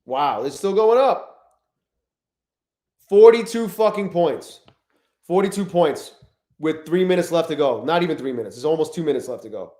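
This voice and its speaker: Excitable swearing man on a live stream. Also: fairly high pitch, moderate pace, long pauses, reverberant. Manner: excitable, swears a lot, greets chat. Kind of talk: casual live-stream commentary.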